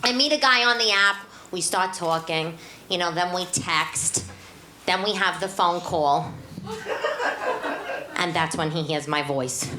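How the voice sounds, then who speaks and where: A woman playing a brash, divorced New York single mother with a nasal New York accent, doing loud, brassy crowd work in a live cabaret comedy set on stage. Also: on the low side, a little slow, long pauses, lightly acted. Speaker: stand-up character. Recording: echoey room, noisy live venue.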